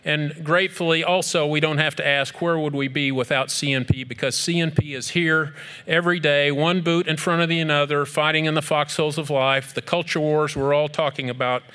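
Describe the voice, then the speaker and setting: A middle-aged man addresses an audience with earnest, emphatic conviction and builds his points through rhetorical repetition. His voice sits a little high for a man and sounds bright and forceful. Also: fairly even intonation, brisk. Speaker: speaker honoring a group at an event. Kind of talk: speech to an audience.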